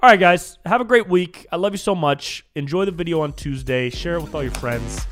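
A man's voice: a little high, a little fast, over music. A man hosting a casual solo podcast, rambling and swearing, calling the listeners dude. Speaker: podcast host.

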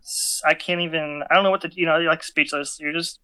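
Guy with a bright, slightly high voice rambling through a funny story, laughs a lot. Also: fairly quick, clear, resonant tone. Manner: animated, laughing often, many fillers and restarts. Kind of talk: casual chat, telling a childhood story.

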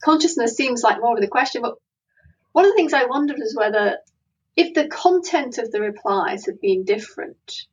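Woman panelist, husky, slightly high, animated, heard set back from the mic. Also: normal speed, far from the mic, rough recording. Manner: lively, animated, laughs often, quotes imagined voices. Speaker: philosophy panelist. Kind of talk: casual academic discussion.

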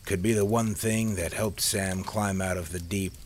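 Deep-voiced male storyteller. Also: a little hiss or hum. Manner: steady, measured reading. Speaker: narrator. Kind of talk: audiobook storytelling.

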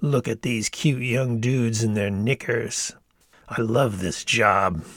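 A man's voice: medium pitch, fairly even intonation, slow pace, a bit bright, no echo, studio quality. A man putting on a teasing German woman. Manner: teasing, chuckling.

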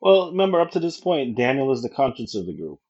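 An easygoing man co-hosts a podcast in casual chat and sometimes hunts for the right word. His voice sits at a middle pitch for a man. The recording is dull and lo-fi. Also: quick pace. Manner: relaxed, searches for words with fillers. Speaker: podcast co-host.

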